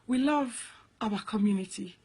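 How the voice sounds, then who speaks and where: A woman's voice: mid-range voice, a little slow, dark tone, slightly rough. A woman from Africa, founder of a community award, talking earnestly to camera and stressing her points again and again. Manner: earnest and emphatic, repeats key points.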